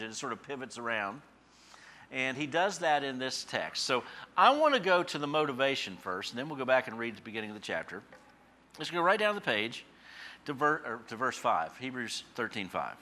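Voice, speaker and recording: A man's voice: medium pitch, bright, forceful tone. A man preaching a sermon, conversational and folksy, with fillers and homely stories. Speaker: pastor.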